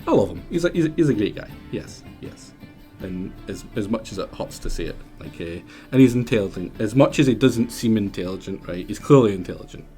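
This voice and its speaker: A man's voice: on the low side, expressive, a little fast, dark tone, soft background music. A young Scottish man with a Scottish accent, chatting in a joking, mocking, sweary way while streaming a game. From Scotland. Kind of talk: casual gaming stream chat.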